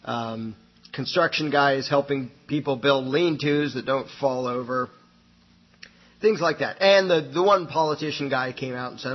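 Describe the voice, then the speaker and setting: A man's voice: medium pitch, normal speed, lo-fi sound. A man hosting a radio show, telling a folksy parable and acting out its characters. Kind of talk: storytelling monologue.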